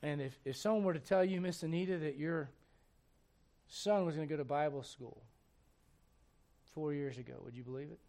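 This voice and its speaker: A man in his forties, a pastor preaching a sermon in a church with joking, animated storytelling. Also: fairly high pitch, normal speed, long pauses. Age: 40s.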